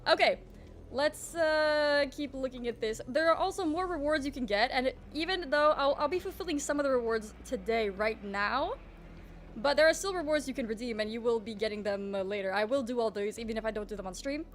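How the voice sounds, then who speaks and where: A woman's voice: sits high, fairly quick, a little hiss or hum. A young woman streamer with a groggy morning voice, chatting in a rambling, casual way and greeting her chat. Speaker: livestreamer.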